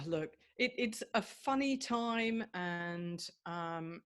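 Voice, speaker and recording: A woman's voice: lowish voice, animated, extremely slow, few pauses, clean tone. A middle-aged woman with an English accent, a guest on a podcast, chatting in a bubbly, self-mocking way. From England. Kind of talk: casual chat.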